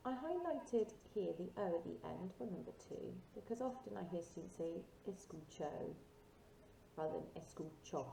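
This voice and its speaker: A woman's voice: lowish voice, expressive, fairly quick, vocal fry, few pauses, warm tone. A woman teacher giving a recorded language lesson, patiently modelling words for students to repeat. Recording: echoey room, distant mic, faint noise.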